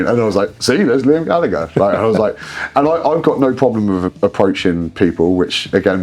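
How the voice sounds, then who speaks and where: A man in his forties, a guest telling rambling, animated stories and swearing freely in a casual interview. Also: on the low side. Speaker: guest, drinks brand ambassador.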